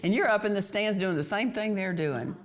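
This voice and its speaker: A woman's voice: mid-range voice, brisk. A woman preaching a sermon, earnest and emphatic, repeating key phrases for emphasis.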